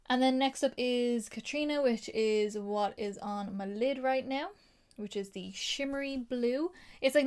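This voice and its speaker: A woman's voice: medium pitch, darkish tone. Gushing Irish woman reviewing makeup. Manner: gushing, chatty, many fillers. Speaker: beauty vlogger.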